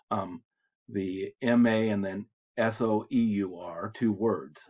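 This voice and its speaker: A man's voice: lowish voice, fairly even intonation, unhurried, a little mellow. An American man teaching French reading, who reads French phrases aloud and then patiently explains them in English. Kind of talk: recorded lecture explaining translations. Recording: slightly dull lo-fi lecture audio.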